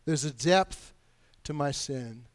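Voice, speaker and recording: Man, pastor, sermon, pleading, hushed to loud, higher voice, dry close sound. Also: slow, no room sound.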